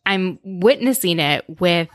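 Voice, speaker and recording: A woman's voice: on the low side, lively intonation, takes it slowly, dry recording, clean studio sound. A woman co-hosting a casual podcast, chatting thoughtfully about a reality show and often trailing off mid-sentence. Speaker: podcast co-host. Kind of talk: casual reality TV recap chat.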